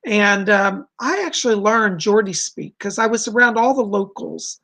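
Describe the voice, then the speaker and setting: Gushing high-voiced American man, gravelly. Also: animated, moderate pace, pushed and bright. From United States. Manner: effusive, gushing. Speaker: psychic host. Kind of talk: casual live stream chat.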